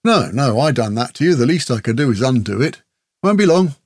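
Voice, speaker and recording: A man's voice: mid-range voice, big pitch swings, brisk, darkish tone, no room sound, studio quality. A man putting on a chatty, folksy islander. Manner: talkative, homely and folksy. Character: chatty friendly male islander guide. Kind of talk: audiobook character voice.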